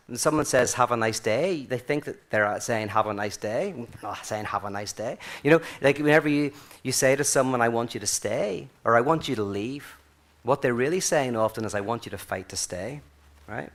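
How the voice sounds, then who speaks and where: A man giving a loose, conversational talk at a weekend event, full of fillers, acting out quoted voices as he goes. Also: medium pitch. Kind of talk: casual conference talk.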